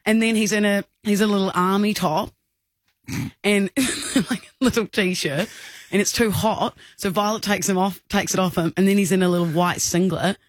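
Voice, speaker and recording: A woman's voice: mid-range voice, fairly even intonation, normal speed. Giggly Australian woman telling a story. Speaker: radio co-host. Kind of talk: casual radio banter. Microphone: studio microphone.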